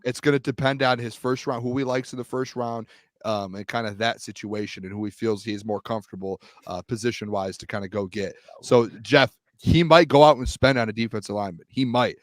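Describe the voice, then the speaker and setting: A man's voice: mid-range voice, a little fast, no echo, clean studio sound. A man co-hosting a casual sports podcast, talking in an emphatic, confident way. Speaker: podcast co-host.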